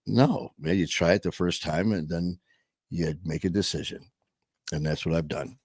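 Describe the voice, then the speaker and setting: Speaking at a normal speed in a slightly mellow, very deep voice, this man rambles emphatically and peppers his talk with profanity, his tone staying steady. It feels like a host talking offhandedly to listeners. The audio is close and dry, with no trace of the room.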